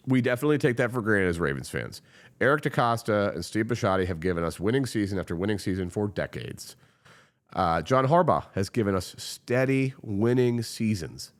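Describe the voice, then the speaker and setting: A man hosting a podcast, venting about his team in a profane, impassioned casual rant. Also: mid-range voice. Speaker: podcast host.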